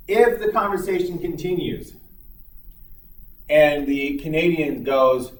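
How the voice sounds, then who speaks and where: A man's voice: a little high, slow pace, long pauses. A man giving a recorded psychology lecture in a conversational way, with many hesitant fillers and acted-out dialogue. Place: classroom. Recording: roomy, distant mic.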